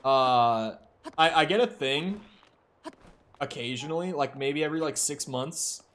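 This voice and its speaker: Rambling male streamer, slightly high voice. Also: measured pace, a bit bright, slight background noise. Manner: rambling, joking, laughs often. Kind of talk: casual chat with viewers while gaming. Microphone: headset or desk mic, wears headphones.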